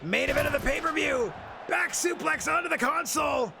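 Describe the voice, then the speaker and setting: A man putting on a gravelly, booming male wrestling announcer voice, calling the action with dramatic play-by-play over a video game. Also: expressive, brisk, raised voice, crowd noise, noisy background, full character voice. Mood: excited.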